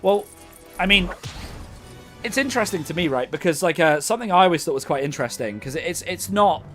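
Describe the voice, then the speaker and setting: A man's voice: fairly high pitch, lively intonation, fairly quick, fairly bright tone, faint music behind. A young British man chatting casually while playing a game, rambling with lots of fillers and frequent laughter. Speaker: gaming co-host.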